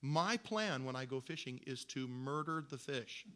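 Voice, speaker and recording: A man's voice: mid-range voice, expressive, measured pace, hardly any pauses, fairly bright tone. A man preaching a sermon in a conversational, storytelling way, with frequent restarts. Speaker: pastor.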